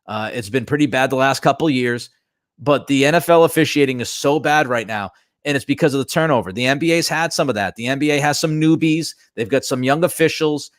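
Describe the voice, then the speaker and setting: A man hosting a sports talk show, delivering animated, emphatic commentary and ranting about officiating. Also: medium pitch, fairly quick, no echo, studio quality. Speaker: sports radio host.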